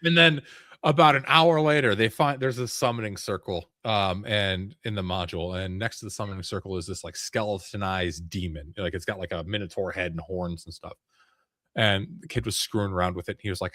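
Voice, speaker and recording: A man in casual chat, telling a long rambling story in an animated way. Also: low-pitched, fast, no echo, clean studio sound.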